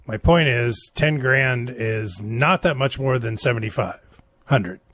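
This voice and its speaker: A man co-hosting a casual wrestling recap chat, reasoning things through aloud in a measured way. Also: mid-range voice, a bit bright, dry recording. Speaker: podcast co-host.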